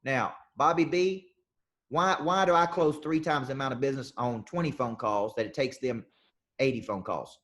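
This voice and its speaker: A man running a live sales coaching session, talking in an energetic, punchy way and repeating questions for emphasis. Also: mid-range voice, normal speed. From southern United States.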